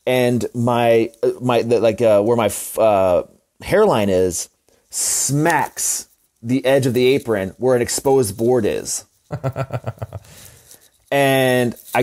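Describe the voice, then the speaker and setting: A young man tells a wrestling story to his podcast co-hosts, rambling and restarting as he goes. He swears freely, and his voice sits at an ordinary middle pitch. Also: a little mellow. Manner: rambling, profane, lots of restarts and fillers. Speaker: podcast co-host, pro wrestler. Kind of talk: casual storytelling chat.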